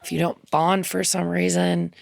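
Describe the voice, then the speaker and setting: A woman's voice: fairly low pitch, level tone, moderate pace, creaky, no echo. A woman musician, a guest in a radio studio, telling a heartfelt story in a chatty, loose way full of ums and quoted asides. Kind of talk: casual interview storytelling.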